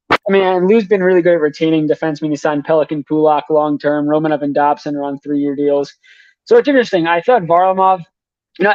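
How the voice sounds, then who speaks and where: Fast-talking young male hockey reporter. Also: fairly high pitch, a little mellow, no room sound, highs cut off. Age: young adult. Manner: rapid, rattles off names and numbers. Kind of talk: rapid sports analysis.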